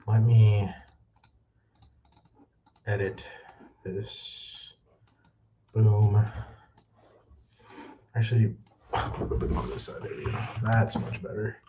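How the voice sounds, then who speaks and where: A young man hosts a movie news livestream in a lowish, slightly mellow voice, speaking slowly with frequent pauses and a bit out of breath. He rambles, apologizes, and pokes fun at himself in casual chat. He's on a backup mic instead of his usual one, so the sound is dull and lo-fi, with slight background noise.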